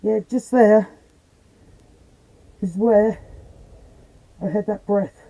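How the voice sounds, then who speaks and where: A woman's voice: mid-range voice, extremely slow, vocal fry, warm tone, rough recording. A woman chatting bluntly and casually on a live stream from the attic of an old house as a paranormal investigator.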